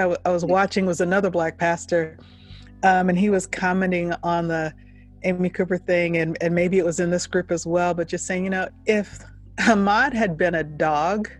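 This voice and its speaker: A woman who leads a university, speaking in an earnest, reflective way during a heartfelt panel discussion. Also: on the low side. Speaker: university leader.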